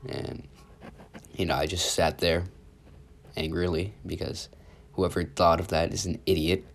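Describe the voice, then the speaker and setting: A man with a cold and a sore throat talks through a story in a loose, rambling way. His voice sits very low, and he fills his sentences with casual fillers. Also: flat delivery, unhurried, gravelly. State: sick, sore throat, sniffling. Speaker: youtuber. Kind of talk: storytime vlog.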